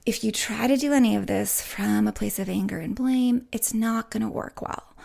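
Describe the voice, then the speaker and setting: A woman podcast host and relationship coach answering listener questions, speaking softly and reassuringly, often dropping to a whisper and checking in with "right?". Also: mid-range voice, vocal fry. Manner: soft, gentle, often drops to a whisper.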